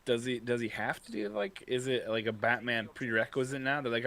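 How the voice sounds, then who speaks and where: A man's voice: mid-range voice, fairly quick, creaky, pushed and bright. A man co-hosting a gaming morning show, bantering playfully in casual chat.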